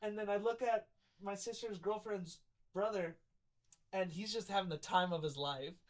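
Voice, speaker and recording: A man's voice: high-pitched, normal speed. A young man telling a rambling story on a casual chat podcast. He leans on filler words, acts out other people's lines and laughs often as he goes.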